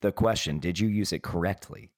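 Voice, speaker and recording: A man's voice: deep voice, a little fast, no echo, clean studio sound. A man hosting a casual podcast segment with friends, teasing them and laughing easily. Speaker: podcast host.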